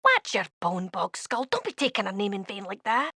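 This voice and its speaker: An actress playing a blunt, sharp-tongued young female tiefling thief with a tail in game dialogue. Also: mid-range voice, huge pitch swings, moderate pace, husky, no room sound, studio quality, exaggerated voice. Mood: scornful.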